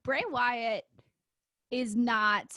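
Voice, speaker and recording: A woman's voice: a little high, fairly even intonation, drawn-out words, pushed and bright, no room sound, clean studio sound. A woman co-hosting a casual chat, giving emphatic, punchy opinions. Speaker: podcast co-host.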